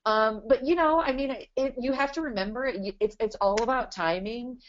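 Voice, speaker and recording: Speaking at normal speed in a fairly high voice, a female business owner in her thirties gives a casual webinar interview. Her chatty talk is packed with "you know" fillers, captured in dull lo-fi audio.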